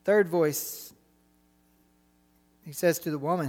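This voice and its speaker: A middle-aged man preaching a sermon, animated and full of rhetorical questions to the congregation. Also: a little high, unhurried, big-room sound.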